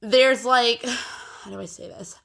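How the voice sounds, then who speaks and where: A woman's voice: on the high side, slow, fairly bright tone. Rambling young woman with a phlegmy throat. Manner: rambling, filler-heavy, frequent throat clearing. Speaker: vlogger. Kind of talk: casual chat to camera. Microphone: phone.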